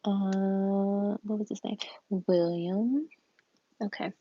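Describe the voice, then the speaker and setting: A woman's voice: medium pitch, steady tone, slow. A woman reading tarot cards live, chatting casually, laughing often and reading card messages aloud. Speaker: tarot reader. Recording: dull lo-fi stream audio with noise and keyboard clicks.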